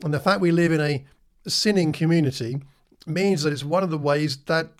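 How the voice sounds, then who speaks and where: A man teaching a Bible class in a relaxed, conversational way, with a voice pitched a little above the usual male range. He keeps asking his listeners questions and briefly acts out the lines he quotes. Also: moderate pace.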